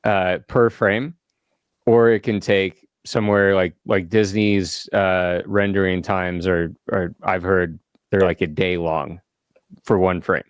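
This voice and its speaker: A man's voice: sits low, little pitch movement, slow pace, clear, resonant tone, dry recording. A man co-hosting a casual podcast from a studio, rambling and laughing often. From South Africa. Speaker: podcast co-host. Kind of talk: casual chat.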